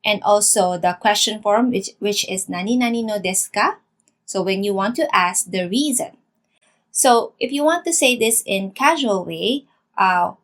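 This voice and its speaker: A woman's voice: medium pitch, dry recording. Patient woman teaching grammar. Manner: clear, patient explanation, switching into example sentences. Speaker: language teacher. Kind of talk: explaining grammar with examples.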